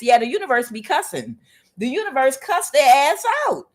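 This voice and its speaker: A woman's voice: on the high side, animated, brisk. A woman giving a casual tarot reading, talking in a chatty, profane way with many fillers and calling the listener honey and child. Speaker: tarot reader.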